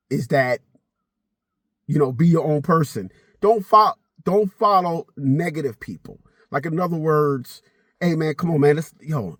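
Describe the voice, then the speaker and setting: A middle-aged man spins a casual story straight to camera, his husky voice swinging up and down as he acts out the people in it. He swears freely and talks loosely. The sound is dry and close, with no room around it. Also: medium pitch, a bit bright, dry recording. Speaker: vlogger.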